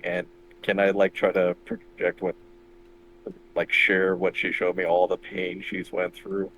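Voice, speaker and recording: Soft-spoken low-voiced male player. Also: completely flat delivery, measured pace, background noise. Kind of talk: casual chat at a tabletop game.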